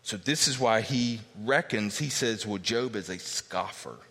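Male preacher, lowish bright voice, emphatic expository sermon, long hall reverb. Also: a little slow. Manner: emphatic teaching, repeats key points, reads scripture aloud. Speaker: pastor.

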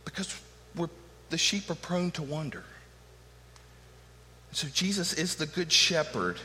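A man's voice: on the high side, pushed and bright, a little hiss or hum. A middle-aged man preaching a sermon with emphatic rhetorical questions. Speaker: pastor. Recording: long hall reverb.

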